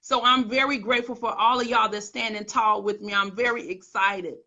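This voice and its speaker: A woman's voice: a little high, steady tone, a little fast, pushed and bright, lo-fi sound. A middle-aged woman hosting a live-streamed interview, affirming her guest with frequent mm-hmms and playful teasing. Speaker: show host.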